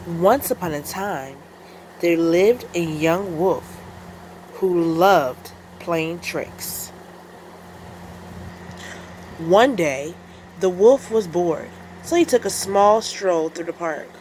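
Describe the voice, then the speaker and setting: A woman teacher reads a children's storybook aloud at a very unhurried pace. Her voice sits a little low, and she lingers over each phrase with deliberate storytelling care. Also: a little mellow, a little hiss or hum, poor audio. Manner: slow, deliberate storytelling delivery. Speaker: teacher reading a picture book aloud.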